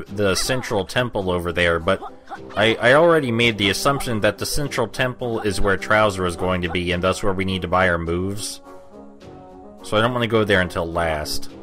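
A man's voice: lowish voice, pushed and bright. A young man giving rambling, sarcastic commentary over a game playthrough, with faint game music behind. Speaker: let's play commentator. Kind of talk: gameplay commentary.

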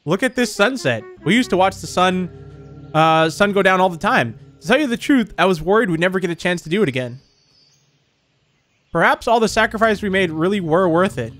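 Man reading creepy doting mother from a horror game, high voice, faint music under. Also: lively intonation, fairly quick, fairly bright tone. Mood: sweetly unsettling. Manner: reads game dialogue aloud in plain voice. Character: eerie doting mannequin mother, female, middle-aged.

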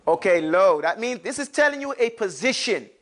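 Man, high voice, classroom teacher, lively questions, slangy asides. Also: moderate pace. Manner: lively, calls on students, asks and answers his own questions; casual street slang asides. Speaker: Arabic teacher. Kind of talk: classroom lesson.

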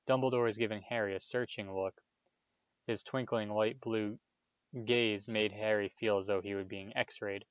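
A man reading a children's novel aloud in a steady, measured way. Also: on the low side, clear, resonant tone, dry recording, muffled recording. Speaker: reader. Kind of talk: audiobook read-aloud.

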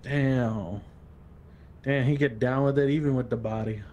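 Man, gamer, slow drawl, background noise. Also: medium pitch, a little mellow. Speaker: co-player. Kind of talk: casual gaming chat.

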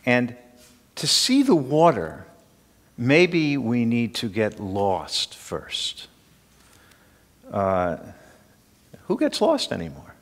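A man's voice: mid-range voice, huge pitch swings, extremely slow, long pauses, big-room sound. An older man teaching a class in an informal, conversational way, often asking questions of the room.

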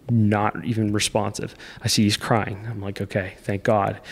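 A man in his thirties, a podcast guest, telling an emotional personal story in a halting, intense way with frequent restarts. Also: fairly low pitch, big-room sound. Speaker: podcast guest, off-road racer.

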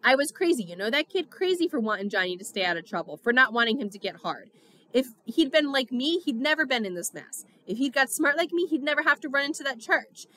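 A woman reading aloud gives voice to a hot-headed teenage gang boy. He talks loud and rough, full of street slang, with a bright, cutting edge on the voice. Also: high voice, animated, fairly quick. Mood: raving. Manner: loud, tough-talking slang. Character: brash, volatile teenage boy gang tough.

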